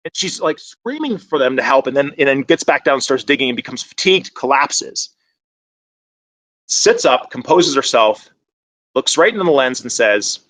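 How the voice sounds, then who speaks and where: A man presents to an online conference, talking in a loose, conversational way that keeps picking up energy. His pitch sits in an ordinary middle range. The sound is dry and close, with no room around it. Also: moderate pace, no room sound. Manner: conversational and animated, many fillers.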